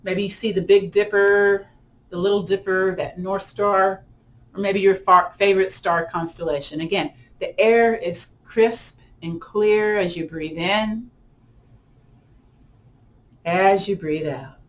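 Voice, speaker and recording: Gentle woman guiding relaxation. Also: medium pitch, fairly even intonation. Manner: gentle, unhurried, casual with friendly fillers. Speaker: yoga instructor. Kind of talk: guided relaxation and visualization.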